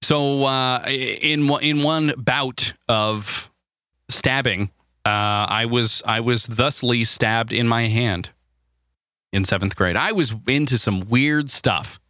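A man's voice: mid-range voice, slow, pushed and bright, dry recording, studio quality. A man hosting a casual comedy podcast, rambling through stories with stammers and laughs. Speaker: podcast host.

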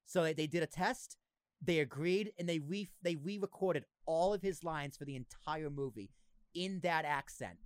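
A young man hosting a podcast, chatting casually, excitable, swearing and laughing a lot. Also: on the high side, moderate pace, clean tone, no echo. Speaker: podcast host. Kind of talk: casual chat.

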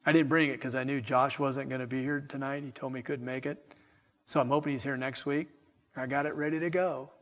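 A middle-aged man preaching a sermon with slow, emphatic delivery and chatty asides to his congregation. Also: mid-range voice, flat delivery, fairly bright tone, big-room sound. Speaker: pastor.

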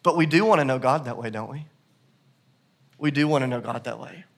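A male pastor preaching a sermon in a church service, telling stories that swing from hushed to loud and emphatic. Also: mid-range voice, a little fast, vocal fry.

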